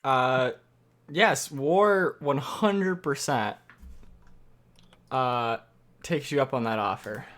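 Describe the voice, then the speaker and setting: A man narrating as dungeon master, speaking quietly and hesitantly with many fillers. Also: medium pitch, takes it slowly, long pauses. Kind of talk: narrating a tabletop game. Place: home room at night.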